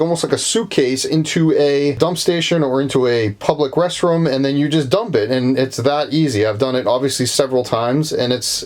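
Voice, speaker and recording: A man's voice: fairly high pitch, fairly bright tone. Young boston guy showing off his van, chatty and rambly, lots of uh and um. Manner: rambling, lots of uh and um, self-correcting. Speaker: van life vlogger. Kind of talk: casual vlog walkthrough. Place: inside a van.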